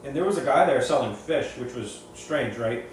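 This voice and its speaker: A man's voice: mid-range voice, animated, moderate pace. Man talking in an echoey room, far off. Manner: rambling, repeats and restarts phrases. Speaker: reef aquarium hobbyist. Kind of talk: casual opinionated storytelling. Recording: very echoey room, far from mic, faint noise.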